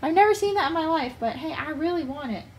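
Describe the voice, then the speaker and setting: A woman voicing an eager pet rat in a high, cutesy baby voice. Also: lively intonation, fast.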